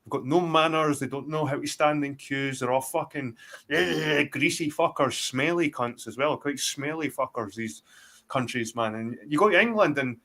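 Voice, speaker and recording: A man's voice: a little high, normal speed, bright, forceful tone. A man with a Scottish accent, talking bluntly in a rambling, heavily sworn live-stream chat. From Scotland. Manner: blunt, heavy swearing, rambling. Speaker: guest.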